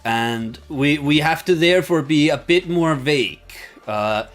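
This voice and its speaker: A man's voice: on the high side, lively intonation, measured pace, faint music behind. A man chatting casually with viewers on a livestream, thinking aloud and rambling with many fillers and restarts. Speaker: streamer and video essayist.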